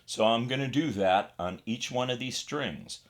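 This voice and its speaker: A man's voice: medium pitch, moderate pace. An American man giving a casual, step-by-step guitar setup tutorial, chatting informally while he works on the instrument. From United States.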